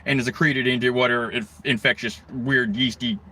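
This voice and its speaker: A man's voice: mid-range voice, fairly even intonation, fairly quick, bright, forceful tone, husky. A middle-aged man from the United States hosting a livestream, ranting in a rambling, profane way, swearing heavily and jumping between tangents. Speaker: livestream host.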